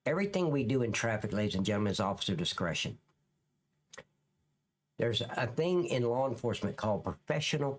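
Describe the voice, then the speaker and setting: A man at an ordinary middle pitch holds a profane, scornful rant as he comments live on police footage. He talks loud and blunt, swearing freely between points. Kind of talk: ranting reaction commentary.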